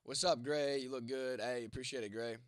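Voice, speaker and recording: A man's voice: mid-range voice, fairly even intonation, a little fast, dry recording, studio quality. Congested, profane young man. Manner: profane, blunt, joking with viewers. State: congested, voice going, coughing. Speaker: livestream host reading chat. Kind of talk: casual livestream chat.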